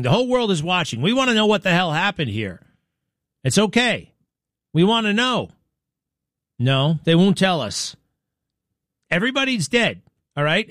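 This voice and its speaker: A man's voice: medium pitch, dry recording. A man hosting a talk radio show, delivering a blunt, indignant, rambling monologue into a studio mic.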